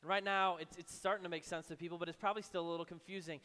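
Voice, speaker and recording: A man preaching a sermon in a conversational way, acting out imagined voices and dropping low and soft for emphasis. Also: steady tone, rapid-fire, in a large hall. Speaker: pastor.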